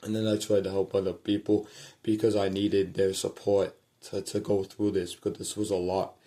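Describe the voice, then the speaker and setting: At home at night, a man with a low voice tells the camera a personal story at a normal speed, his pitch barely moving. He rambles and swears, repeats himself, and trails off into quiet murmurs.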